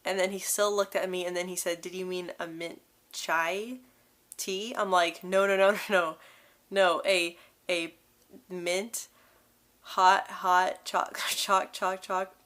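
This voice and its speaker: A young woman vlogger tells a story casually to camera in a fairly low, slow voice that is a bit bright and holds little pitch movement. She has a marked stutter with repeated syllables and blocks, and she's candid, slipping small laughs between phrases.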